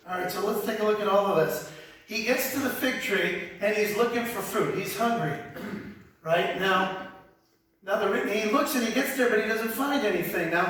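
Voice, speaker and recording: High-voiced man teaching the Bible. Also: slight background noise. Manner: animated, conversational, repeats words. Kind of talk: sermon-style Bible teaching. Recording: very echoey hall, speaker far from mic.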